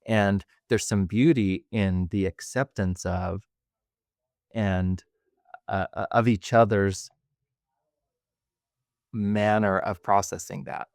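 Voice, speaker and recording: A man hosting a podcast, speaking in a measured, reflective way with small hesitations. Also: lowish voice, fairly even intonation, vocal fry, a little mellow, dry recording, clean studio sound. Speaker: podcast host. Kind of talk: reflective conversation.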